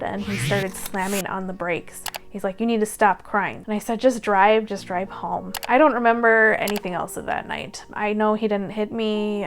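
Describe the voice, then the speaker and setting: A woman in her thirties speaks straight to camera in an earnest, candid vlog. Her pitch sits in an ordinary middle range, and she lets out a sigh now and then as she tells her story. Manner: candid, earnest recounting with sighs. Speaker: vlogger.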